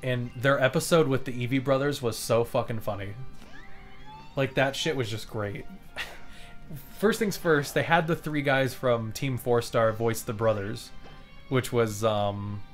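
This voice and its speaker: A man's voice: medium pitch, a little slow, soft background music. Rambling, foul-mouthed male game streamer. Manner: rambling, swears freely, chuckles often. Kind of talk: live gameplay commentary.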